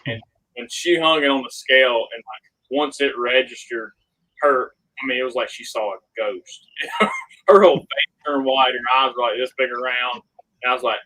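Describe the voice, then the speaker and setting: A young man tells his fishing story as an interview guest. His voice is bright and forceful, and he acts out every exchange with animated energy. It comes across as casual, excited talk among anglers. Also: mid-range voice, normal speed, low-quality recording. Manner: animated, reenacts dialogue, laughs often.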